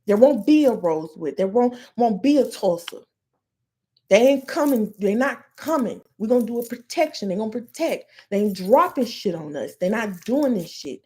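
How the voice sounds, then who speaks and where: A woman's voice: on the high side, lively intonation, moderate pace, a little mellow. An American woman hosting a podcast, delivering a heated, profane solo rant with blunt emphasis. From United States. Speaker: podcast host.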